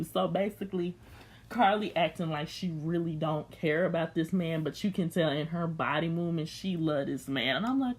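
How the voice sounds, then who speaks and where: A woman's voice: on the low side, a little slow, slightly rough. A young woman recapping a reality show in blunt, slangy, sassy chat, unscripted.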